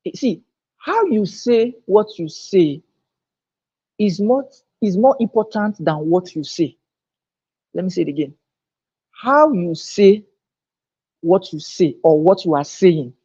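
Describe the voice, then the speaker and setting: A man gives a live online lecture as a teacher, emphatic and repeating his key phrases. His voice is high, a little mellow, with a breathy edge, recorded lo-fi on camera through his own microphone.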